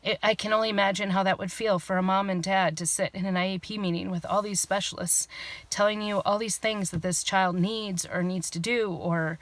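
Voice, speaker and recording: A woman's voice: medium pitch, steady tone, brisk, dry recording. Tearful, rambling woman vlogging from her truck. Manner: rambling, emotional, many fillers. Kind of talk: casual vlog monologue.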